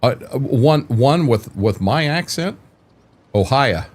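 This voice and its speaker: A man's voice: fairly low pitch, measured pace. An older man hosting a livestream, chatting casually with viewers in a rambling way, restarting sentences often and cursing mildly. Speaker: livestream host. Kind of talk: casual chat while streaming a farming game.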